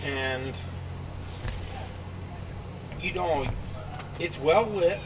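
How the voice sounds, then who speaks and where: A man narrating scenes as game master of a tabletop game, recorded outdoors. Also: fairly high pitch. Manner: lively descriptive narration. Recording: distant mic, background noise outdoors.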